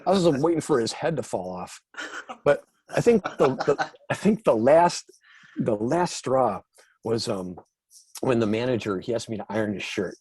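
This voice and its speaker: Husky man telling rambling stories. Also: mid-range voice, expressive, normal speed, darkish tone, dry recording. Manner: rambling, self-deprecating storytelling. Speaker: guest musician. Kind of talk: casual interview chat.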